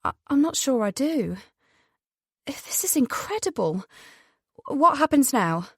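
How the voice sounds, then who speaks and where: A nervous young woman, as a woman narrator voices her, pitched high and stammering with disbelief. Her voice leaps around animatedly, close and dry on the mic. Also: big pitch swings, slow pace, fairly bright tone, no room sound, full character voice. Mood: anxious disbelief. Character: young woman, anxious and overwhelmed.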